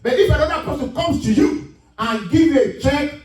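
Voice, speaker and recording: A male pastor preaching a sermon, rising to emphatic shouts as he reads scripture. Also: very high voice, lively intonation, normal speed, soft background music. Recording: echoey room, mic at a distance.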